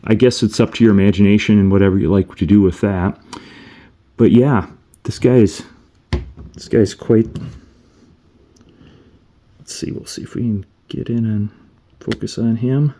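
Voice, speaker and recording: A man's voice: fairly low pitch, fairly even intonation, moderate pace, long pauses, mellow. A man casually reviewing an action figure, meandering and thinking aloud as he handles each piece. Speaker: toy reviewer.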